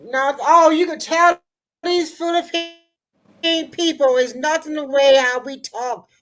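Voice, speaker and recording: A woman with a Southern US drawl talks casually on a call and laughs easily. Her voice sits a bit high. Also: fairly even intonation, unhurried, a bit bright. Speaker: support group member.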